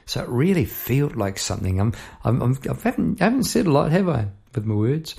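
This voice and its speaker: A man's voice: mid-range voice, sing-song, moderate pace, gravelly, a little mellow, slightly rough. A man hosting a solo podcast, musing aloud about song lyrics in a rambling, thinking-aloud way. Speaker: podcast host. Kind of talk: reflective solo talk on songwriting.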